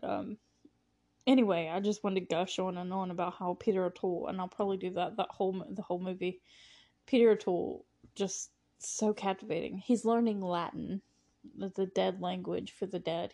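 A woman's voice: mid-range voice, gravelly, mellow. Gushing young woman podcast host. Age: young adult. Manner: gushing, rambling, laughs often, many "like" fillers. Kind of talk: casual chat about a movie.

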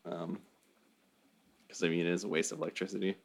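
A man's voice: sits low, level tone, fairly quick, gravelly. A man in casual chat, blunt and a bit hesitant.

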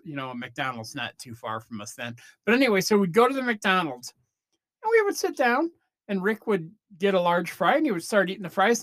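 A man's voice: sits high, a bit bright, dry recording, studio quality. A man in his fifties from Northern Illinois, hosting a podcast in a casual, meandering monologue with easy swearing. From Northern Illinois, USA. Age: 50s. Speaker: podcast host.

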